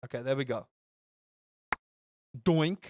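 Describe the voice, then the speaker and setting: A man's voice: high-pitched, animated, normal speed, a bit bright, dry recording. A man streaming a game live, chatting with viewers in a sarcastic, rambling way full of stammered fillers.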